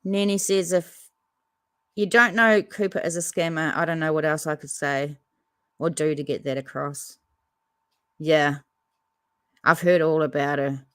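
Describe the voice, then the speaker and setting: Chatty woman hosting a livestream, lowish voice. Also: steady tone, measured pace, long pauses, smooth, no echo, studio quality. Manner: chatty, reads out viewer comments and answers them. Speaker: livestream host reading chat. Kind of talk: casual livestream chat.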